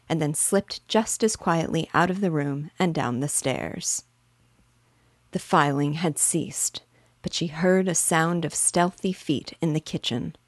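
A woman reading a classic children's story aloud in a measured, expressive way, recorded on a close mic. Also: deep voice, no room sound.

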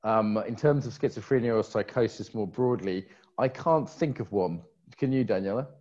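A man's voice: on the low side, normal speed, a little mellow, highs cut off. Teasing man hosting a stream. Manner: jokey, teasing, chatty. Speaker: conference co-host. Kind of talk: casual live-stream chat.

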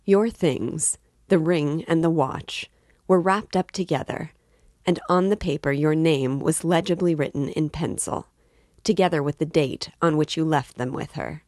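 A woman reading aloud voices a calm, coolly ironic male magistrate. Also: low voice, a little slow, no echo, clean studio sound.

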